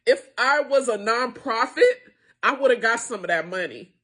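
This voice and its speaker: This is a middle-aged woman, founder of her own small business, appealing emotionally to the camera with frustration and tears close to the surface. She talks a little slowly in a slightly high, animated voice with a fairly bright tone.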